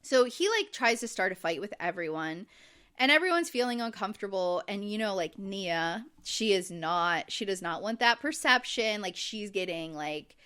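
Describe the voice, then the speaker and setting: A woman co-hosting a podcast about a reality show speaks at normal speed in a medium-pitched, expressive voice that's bright, forceful, and clean. Her casual, chatty talk is full of "um" and a great deal of "like."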